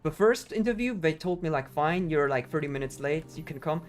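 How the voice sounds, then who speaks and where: A man's voice: fairly high pitch, expressive, fairly quick. A man, rambling and ranting in casual chat while streaming a game, full of fillers. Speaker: speedrunner streamer.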